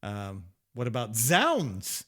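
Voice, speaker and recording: A man's voice: mid-range voice, huge pitch swings, takes it slowly, fairly bright tone. A man co-hosting a podcast in casual chat, playful and sarcastic, often stumbling over words. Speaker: podcast co-host.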